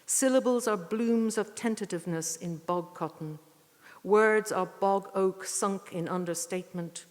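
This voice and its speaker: A middle-aged woman reading poetry in a measured, deliberate way, with rambling, chatty introductions between poems. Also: medium pitch. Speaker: poet reading at a tribute evening. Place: church. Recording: long church reverb.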